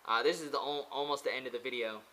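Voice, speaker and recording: A man's voice: mid-range voice, quick pace, pushed and bright, slight background noise, poor audio. A man vlogging from a pagoda in a rambling, casual monologue. He hesitates often, with many fillers and restarts.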